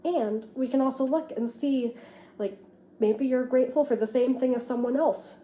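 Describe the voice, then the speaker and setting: A woman teacher reads a children's picture book aloud with expressive, lively storytelling. Her voice sits fairly high but has a soft, mellow tone. She then talks the class through an activity in a plain, friendly way. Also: normal speed, echoey room, slight background noise.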